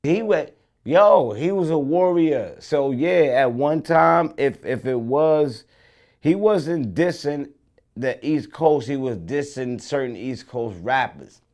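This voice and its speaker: A man's voice: medium pitch, expressive, slow, a little mellow. A man being interviewed, recalling past events in loose, slangy speech with many restarts. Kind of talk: casual recollection.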